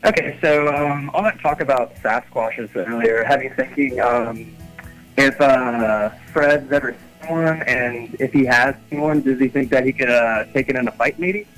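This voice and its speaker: A man's voice: mid-range voice, a little slow, fairly bright tone, soft background music, low-quality recording. A man from Canada calling in to a comic show, asking his question casually and with many fillers. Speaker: caller.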